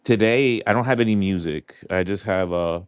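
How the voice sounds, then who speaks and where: This New York-accented livestream host talks in a clean-toned, low-sitting voice at a moderate pace, with no room sound. He keeps the live chat casual and rambling, answering viewers' questions out loud as they come in.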